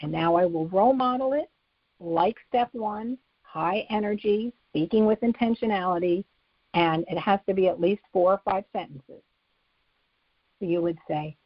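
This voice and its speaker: A woman's voice: medium pitch, moderate pace, no room sound, dull audio. A woman psychologist explaining a method to parents, laying it out methodically in numbered steps. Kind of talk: instructional talk.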